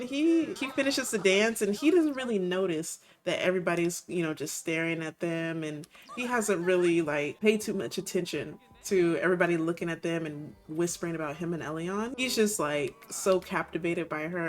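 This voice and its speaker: A chatty woman narrates her life-sim gameplay with frequent giggles, in a slightly low voice. Faint music runs underneath her commentary, recorded at a home setup. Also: moderate pace. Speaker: gaming video creator.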